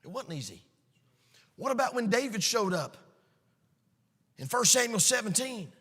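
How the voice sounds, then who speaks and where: A man preaching a sermon, emphatic and storytelling, swinging between shouts and hushed asides. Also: extremely high pitch, big pitch swings, moderate pace, slightly rough, big-room sound. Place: church sanctuary.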